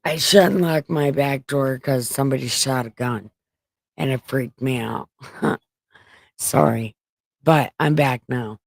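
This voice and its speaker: A woman hosting a home livestream, retelling scripture with crude, joking profanity. Her voice is gravelly and her delivery unhurried. The sound is dry and close. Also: rumbling low, dry recording. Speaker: livestream host reading scripture. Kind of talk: casual irreverent scripture reading.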